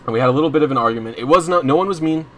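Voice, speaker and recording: A man's voice: on the high side, racing, a bit bright. Rambling young guy telling a story. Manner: rambling, restarts often, swears freely. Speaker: streamer. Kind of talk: casual storytelling while gaming.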